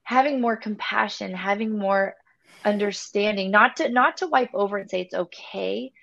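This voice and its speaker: A woman co-hosting a candid faith chat, talking in an emotional, halting way with many restarts. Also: mid-range voice, gravelly, a bit bright. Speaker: podcast co-host. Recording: dull lo-fi sound.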